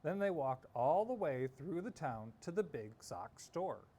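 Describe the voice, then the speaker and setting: A man's voice: fairly high pitch, big pitch swings, a little slow, warm tone. A man reading a children's picture book aloud, playful with the sound words. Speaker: storyteller. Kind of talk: children's story read-aloud.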